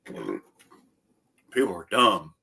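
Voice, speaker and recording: Profane, animated storytelling man. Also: low voice, very slow, gravelly, breathy edge. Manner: profane, animated storyteller who acts out quoted people in a raised voice. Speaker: co-host. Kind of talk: casual storytelling chat.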